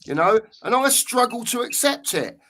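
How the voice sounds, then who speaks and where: Fifties man, high-pitched host ranting hard about his club. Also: very animated, moderate pace, bright, forceful tone. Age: 50s. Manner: passionate, ranting, swearing. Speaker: show host. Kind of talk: livestream fan chat.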